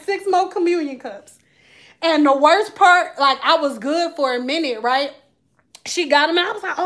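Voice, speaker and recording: Animated high-voiced woman storyteller. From Detroit. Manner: animated, profane, laughing as she tells it. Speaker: vlogger. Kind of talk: casual storytelling.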